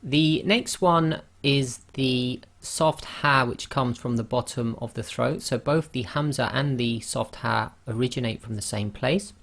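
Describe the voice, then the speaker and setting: A man teaching Arabic letter sounds in an online lesson, explaining carefully and demonstrating throat sounds with drawn-out repetitions. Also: medium pitch, vocal fry, fairly bright tone.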